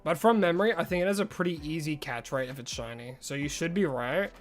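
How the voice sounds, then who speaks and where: A man's voice: a little high, fast talker, faint music behind. A man streaming a game live, chatting casually with his viewers and rambling through asides. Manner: chatty, answers chat messages, rambling asides.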